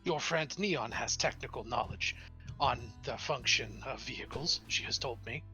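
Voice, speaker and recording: A man voicing a calm, logical robot who states things flatly and literally in a tabletop game. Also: medium pitch, moderate pace, faint music behind. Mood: matter-of-fact. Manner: flat, matter-of-fact statements.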